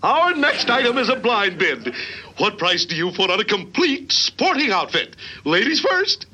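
An actor voicing a smarmy cartoon game show host with showy, chuckling announcer patter. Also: male voice, sits high, big pitch swings, a little slow, pushed and bright, heavily acted.

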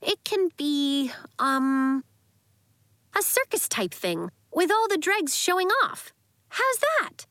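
A woman's voice: sits high, sing-song, slow, a bit bright, no echo, pitched above the performer's own voice, full character voice. A woman voicing an eager, upbeat schoolgirl who leads her friends. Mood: excited.

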